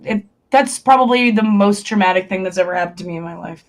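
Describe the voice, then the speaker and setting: A woman's voice: mid-range voice, fast talker. A young woman in casual chat, talking candidly and rambling, with lots of fillers and swearing. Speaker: stream co-host.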